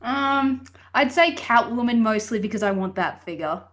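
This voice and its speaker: A woman's voice: a little high, animated, moderate pace, fairly bright tone. A woman guesting on a podcast, chatting casually and self-deprecatingly.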